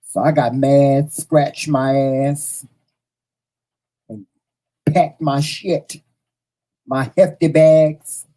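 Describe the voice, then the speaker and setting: A man's voice: mid-range voice, steady tone, drawn-out words, pauses often, mellow, rough recording. A man hosting a casual show, telling a personal story straight to viewers, blunt and profane, repeating phrases for emphasis. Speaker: host.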